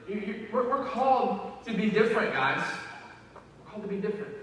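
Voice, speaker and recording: A man's voice: high-pitched, expressive, a little fast, a bit bright, a little hiss or hum. A man preaching a sermon in a conversational, emphatic way, often repeating his words as he builds up. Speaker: pastor. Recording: echoey hall from far off.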